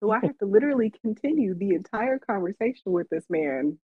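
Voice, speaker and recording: A woman's voice: mid-range voice, quick pace, slightly rough, dry recording. A woman co-hosting a podcast, telling a story in casual chat and laughing often. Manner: laughs often, animated when quoting herself. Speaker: podcast co-host. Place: Las Vegas. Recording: dull lo-fi dry recording.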